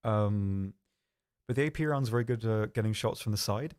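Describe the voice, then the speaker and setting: Soft-spoken man, lowish voice. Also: normal speed, clean tone. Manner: soft-spoken, calm, dry and self-deprecating. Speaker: stream host answering chat questions. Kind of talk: casual live-stream chat.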